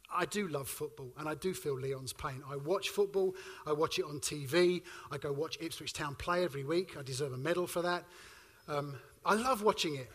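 A man in his forties preaches with a high voice that has a bright, ringing edge. He tells his stories with energy and moves between booming lines and quiet, hushed ones. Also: breathy edge. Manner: lively storyteller, shifting between loud and hushed. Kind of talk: sermon.

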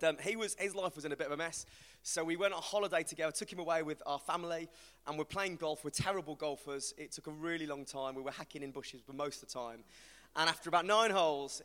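A man's voice: fairly high pitch, a bit bright. A man with a West Midlands accent giving a chatty, humorous evangelistic talk to a live audience, telling stories about a friend. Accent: West Midlands English. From West Midlands, England. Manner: chatty, storytelling, self-deprecating humour. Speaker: preacher. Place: large hall with an audience. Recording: hall reverb from a live event.

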